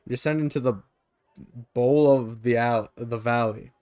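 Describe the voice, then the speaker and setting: A man reads an interactive gamebook aloud on a live stream, steady narration broken by offhand asides. His voice sits in a middle range, and the mic sounds dry and close. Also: medium pitch, measured pace, clear, resonant tone, no room sound. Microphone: streaming microphone.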